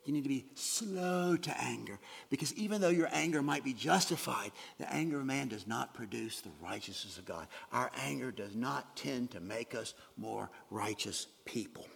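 Gravelly husky preacher in a reverberant hall. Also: male voice, mid-range voice, expressive, moderate pace, hardly any pauses. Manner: earnest, drops to soft whispers for emphasis. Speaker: pastor. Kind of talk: sermon.

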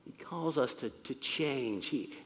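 A man's voice: medium pitch, animated, slow. A man preaching a sermon as pastor, in a conversational way that explains and repeats his points. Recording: long reverb in a hall.

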